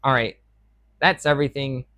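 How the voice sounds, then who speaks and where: A man's voice: mid-range voice, fairly even intonation, moderate pace, bright, forceful tone, no echo. Chatty young man rambling, dry close sound. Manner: rambling, chatty, with frequent fillers. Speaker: reseller vlogger. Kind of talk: casual vlog chat.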